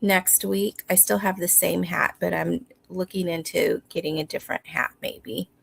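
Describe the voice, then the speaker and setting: A woman hosting a livestream from home, talking casually and replying to viewers in an unhurried way. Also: lowish voice, fairly even intonation, creaky, slightly rough. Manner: unhurried, reads viewer comments aloud and replies. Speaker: livestream host.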